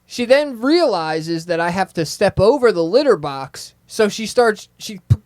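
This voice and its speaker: High-voiced man telling a story, dry close sound. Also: unhurried, no echo. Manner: laughing, animated storyteller acting out quotes. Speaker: podcast host. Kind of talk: casual storytelling chat.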